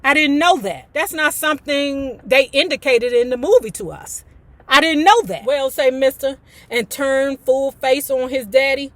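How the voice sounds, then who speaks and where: A woman's voice: sits high, normal speed, no room sound. A woman reading a novel aloud for a book club, breaking into chatty, sassy commentary between passages. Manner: animated, switches between reading and sassy asides.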